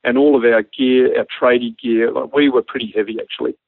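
An Australian man spins an animated anecdote in a relaxed, matter-of-fact way, his voice gravelly with fry. The sound is dry and narrow, like a phone line. He drifts in and out of other people's voices as he tells it. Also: medium pitch, brisk, no room sound. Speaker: storyteller recounting an army flight.

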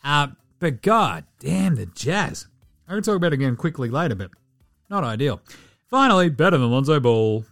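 Lively, irreverent man podcasting. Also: fairly high pitch, moderate pace, soft background music. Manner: irreverent, sweary, joking. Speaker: podcast host. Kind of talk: casual sports commentary.

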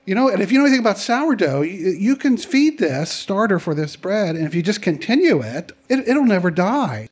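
A middle-aged man tells a personal story in a fairly high voice. He keeps it conversational and lively and slips into the voices of the people he quotes. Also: fairly quick, few pauses, breathy edge.

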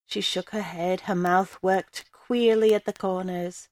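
A woman reading a first-person story aloud in a measured storytelling way. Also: fairly low pitch, steady tone, a little mellow, dry recording. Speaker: story reader.

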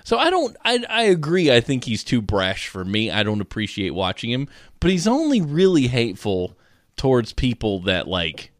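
A man co-hosting a podcast, chatting in a lively, opinionated way. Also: mid-range voice, moderate pace, no echo, studio quality. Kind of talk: casual chat.

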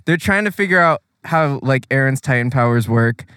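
Co-hosting a podcast from a car, a man casually recaps an anime episode with plenty of profanity, laughing often and acting out quotes. His mid-range voice is animated, a bit bright, and smooth at a normal speed, recorded in studio quality with no echo.

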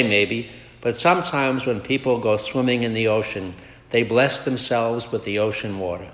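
A Redemptorist priest, a man, reading scripture and preaching a homily in a measured, deliberate way. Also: medium pitch, fairly bright tone. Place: large basilica. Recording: echoey church with long reverb.

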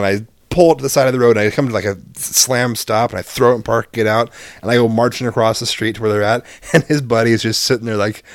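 A man's voice: medium pitch, fast talker, few pauses, no room sound, studio quality. A man casually telling a story about his child, acting out the dialogue and swearing freely. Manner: animated, acts out both sides of dialogue, swears freely.

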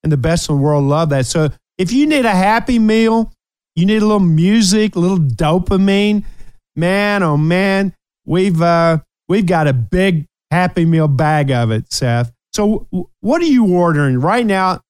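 A man's voice: high-pitched, expressive, a little slow, a little mellow, smooth, no room sound. A man in his sixties hosting a casual talk show, upbeat and teasing. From United States. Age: 60s. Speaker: host. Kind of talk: casual chat.

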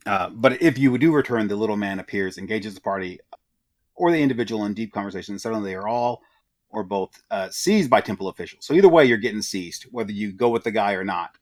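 Low, dry-sounding man, halting podcast co-host. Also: lively intonation, a little mellow, no echo. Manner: halting, with frequent "uh" and "um". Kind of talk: casual chat summarizing game material.

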